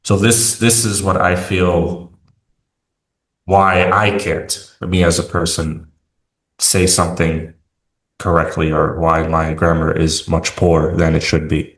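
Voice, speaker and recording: A man's voice: deep voice, little pitch movement, slow, roomy sound. An American man talking casually as an interview guest, hesitant with many fillers and restarts. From United States.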